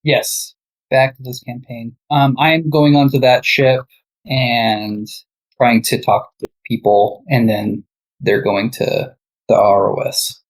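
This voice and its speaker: Player, middle pitch, teasing and playful. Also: level tone, takes it slowly, poor audio.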